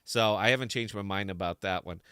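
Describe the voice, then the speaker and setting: A man hosting a live stream and talking straight to camera, wandering off topic and restarting his sentences. His voice is low, bright and forceful, with a smooth, resonant tone. The sound is close and dry. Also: brisk, no echo. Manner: rambling and distracted, many restarts. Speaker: podcast host.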